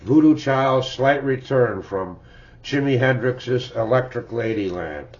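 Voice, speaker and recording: An older man, middle-pitched and relaxed, reminiscing through his record collection. He rambles, restarts and chuckles, and he ends his remarks with "eh?". The sound is dull and lo-fi, like a home recording. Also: unhurried. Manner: rambling, chuckling, tags lines with "eh?". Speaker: music collector vlogger. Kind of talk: casual reminiscing about records.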